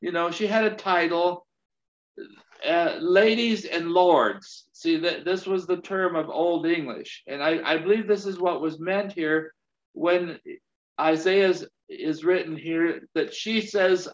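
A man preaching in a high voice, his delivery slow and halting, full of restarts and amens. The recording sounds dull and lo-fi. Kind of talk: sermon.

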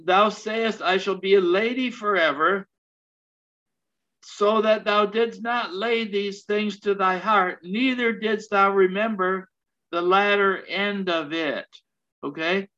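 Slow, halting high-voiced preacher. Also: male voice, bright, forceful tone. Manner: slow, halting delivery with many restarts and amens. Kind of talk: sermon. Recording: dull lo-fi recording.

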